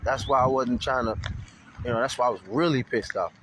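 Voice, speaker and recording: A man giving a casual, profane video update, telling stories in a loose, animated way. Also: medium pitch, a little fast, slight background noise. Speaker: vlogger. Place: Florida.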